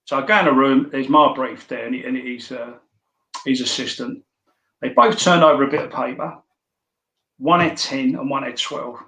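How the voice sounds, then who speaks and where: A man's voice: medium pitch, fairly even intonation, moderate pace, sharp tone. A man, a podcast guest, telling blunt, swearing anecdotes in casual storytelling. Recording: roomy echo.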